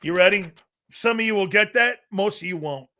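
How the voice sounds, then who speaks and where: A high-pitched male sports talk host with a bright, edgy voice fires off blunt, profane opinions on a live show. He mocks players and coaches in a brash, cutting way. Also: normal speed, slight background noise.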